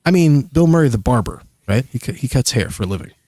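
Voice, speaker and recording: A man's voice: medium pitch, animated, fast talker, dark tone, no room sound, studio quality. A man casually telling a long, rambling, profane story as a guest on a livestream. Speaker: streamer guest.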